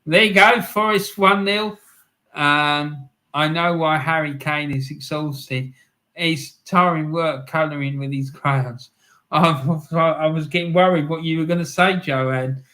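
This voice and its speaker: A man's voice: fairly high pitch, fairly even intonation, measured pace, pushed and bright. A man hosting a live stream, chatting casually with viewers, laughing often and calling people "mate". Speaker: livestream host reading chat.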